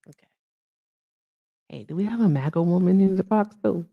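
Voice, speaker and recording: A woman's voice: on the low side, normal speed, gravelly, phone-quality sound. A woman hosting a casual live stream, blunt and joking. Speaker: host.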